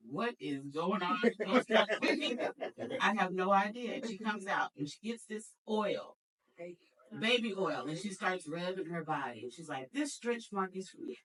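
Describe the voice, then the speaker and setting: A woman from Dallas, Texas, giving a personal eulogy and telling a story about her family, her voice jumping high whenever she acts out what people said. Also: recorded from a distance, low-quality recording. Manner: animated storytelling, jumps high to act out quoted speech. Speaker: eulogy speaker. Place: memorial service hall.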